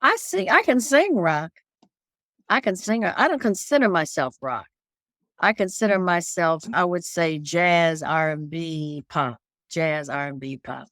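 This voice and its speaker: An older woman from Detroit, a singer being interviewed, telling stories in an animated way and repeating phrases for emphasis. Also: deep voice, measured pace, dry recording, studio quality. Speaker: guest singer. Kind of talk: casual interview chat.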